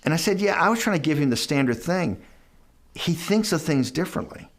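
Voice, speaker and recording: A man's voice: on the high side, animated, brisk. Storytelling middle-aged man in an interview. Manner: anecdotal, acts out dialogue, restarts often.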